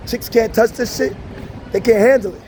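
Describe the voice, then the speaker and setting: A man's voice: very high voice, fairly even intonation, normal speed, a little mellow, slight background noise. A man voicing a big, boastful, menacing male cellmate in a story he tells. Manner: boastful, then threatening.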